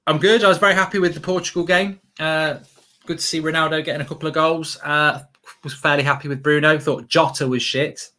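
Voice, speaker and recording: A man's voice: a little high, steady tone, fairly quick, pushed and bright. A man hosting a football stream, full of brash, mock-boastful banter. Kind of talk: casual live-stream chat.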